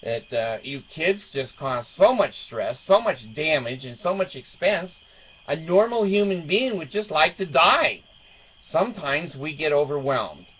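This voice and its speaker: A man's voice: a little high, lively intonation, measured pace, breathy edge. A middle-aged father telling a family story as a casual monologue, wry and joking, chuckling as he goes. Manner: wry and joking, chuckles through his stories. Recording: dull lo-fi recording.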